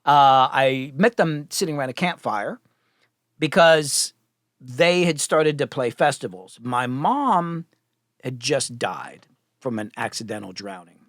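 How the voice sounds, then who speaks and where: A middle-aged man, a music producer, telling stories as a podcast guest, animated and profane, acting out the people he quotes. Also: mid-range voice, measured pace, no room sound, clean studio sound. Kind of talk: casual storytelling.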